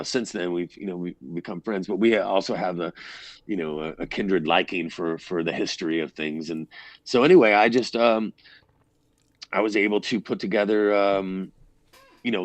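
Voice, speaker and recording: Sitting low in pitch and recorded with no room sound, a man who fronts a band tells stories in a relaxed interview. He wanders from tangent to tangent, cursing without restraint and performing the lines he quotes.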